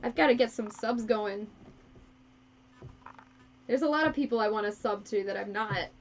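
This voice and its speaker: Sewing on a live stream, this fursuit maker talks easily with viewers, laughing a lot and making self-deprecating, giggly jokes. She has a slightly high voice and a moderate pace, and she's using the wrong mic.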